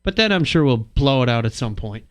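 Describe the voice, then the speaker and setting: Lively, joking male podcast host. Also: medium pitch, clear, resonant tone. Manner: jokey, quick to laugh, fiddles with recording gear. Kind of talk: casual banter.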